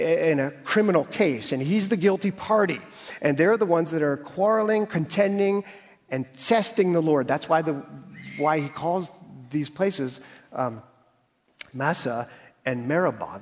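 A man delivers an expository sermon in a church. His voice sits somewhat high, and he lifts and sharpens it whenever he acts out a quoted voice. Long reverb from the sanctuary hangs behind every phrase. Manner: expository, dramatizes quotes with rising emphasis. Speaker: pastor.

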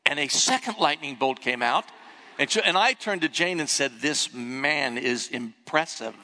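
An older man, a pastor, preaching a sermon and telling a story with animated emphasis. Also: a little high, normal speed, long reverb tail. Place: church sanctuary.

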